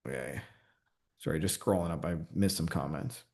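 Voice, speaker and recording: A man's voice: a bass voice, moderate pace, gravelly, a little mellow. A man who coaches online business, talking casually and profanely on a livestream and answering comments, with many "like" fillers. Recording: roomy echo.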